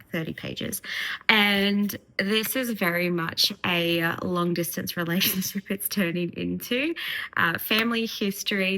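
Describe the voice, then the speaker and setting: Giggly young woman book vlogger, bright punchy voice, kinda low, gushy casual chat. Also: poor audio. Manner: giggly, gushing, reads excerpts aloud. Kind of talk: casual reading vlog chat.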